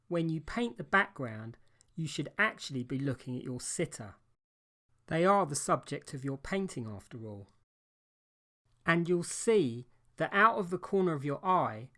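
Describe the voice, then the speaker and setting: A man giving a calm, measured voice-over for a painting tutorial, explaining each step as he works. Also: on the high side. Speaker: painting instructor.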